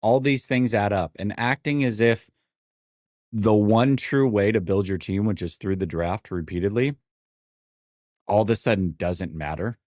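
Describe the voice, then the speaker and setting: A man's voice: on the low side, unhurried, a little mellow, dry recording, studio quality. Frustrated man in his 40s venting. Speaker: sports show host. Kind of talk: live-stream sports rant, reading chat.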